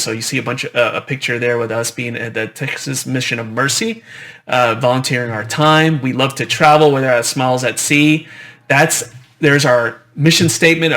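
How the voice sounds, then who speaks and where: A dentist giving a conversational conference presentation, often repeating phrases and adding "right?" tags. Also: male voice, medium pitch, fairly bright tone.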